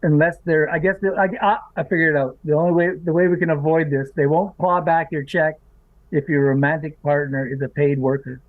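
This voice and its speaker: A man's voice: on the high side, fairly even intonation, a little fast, no echo. Indignant man on a tinny line. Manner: indignant, emphatic, rhetorical questions. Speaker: podcast guest. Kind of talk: casual podcast discussion. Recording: tinny phone-like remote call line.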